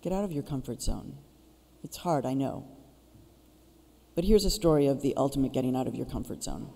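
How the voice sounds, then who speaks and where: A woman's voice: very deep voice, lively intonation, brisk, creaky, warm tone. A woman giving a keynote speech, telling stories and urging her audience directly. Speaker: keynote speaker. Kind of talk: public speech. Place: school auditorium. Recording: reverberant auditorium.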